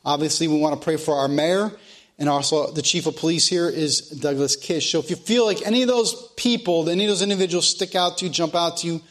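A man, a pastor, preaching a sermon and leading prayer in slow, emphatic phrases, sometimes repeating himself. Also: on the high side, a bit bright.

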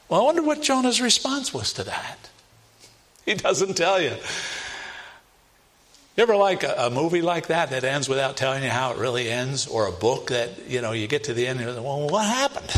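A man's voice: a little high, a bit bright. A man preaching a sermon in an emphatic manner, asking rhetorical questions to his listeners.

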